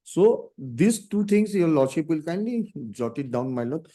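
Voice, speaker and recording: A man's voice: on the high side, big pitch swings, a little slow, mellow. Formal man in court. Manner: formal and deferential, reads documents aloud. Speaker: counsel arguing before a judge. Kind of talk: courtroom argument.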